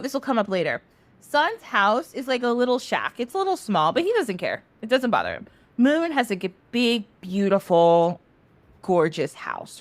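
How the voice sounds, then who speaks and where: A woman podcast host retelling a myth in a casual, chatty way. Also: fairly high pitch. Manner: animated, chatty, laughs easily. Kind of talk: casual storytelling.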